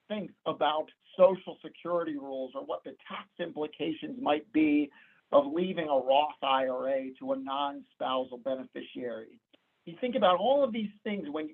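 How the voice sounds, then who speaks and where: Midwestern guy talking retirement plans, gravelly and husky, sounds like it's over a phone. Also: on the high side. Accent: Midwestern American. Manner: conversational, storytelling with quoted dialogue. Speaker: financial advisor. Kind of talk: presentation to clients. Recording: tinny phone-like audio.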